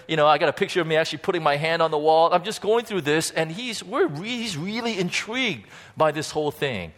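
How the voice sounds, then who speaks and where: Guy preaching, telling a story casual-like, lots of uh and you know, kinda high pitched. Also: animated, a bit bright. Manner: conversational, halting, many fillers and restarts. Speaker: pastor. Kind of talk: sermon storytelling.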